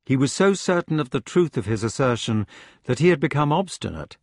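Male narrator for an audiobook, lively and expressive, dry booth sound. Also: mid-range voice, brisk, no echo. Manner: expressive storytelling. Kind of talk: scripted narration.

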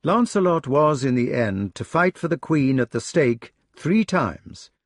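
With a fairly high, expressive voice, a male audiobook narrator reads a novel aloud a little slowly, telling the scripted story with feeling. The studio sound is clean and echo-free.

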